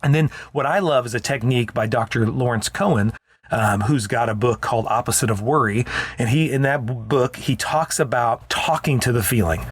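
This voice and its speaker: A man's voice: mid-range voice, normal speed, breathy edge, no room sound. Earnest male podcast co-host. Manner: earnest, explanatory, with frequent restarts. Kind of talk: casual parenting chat.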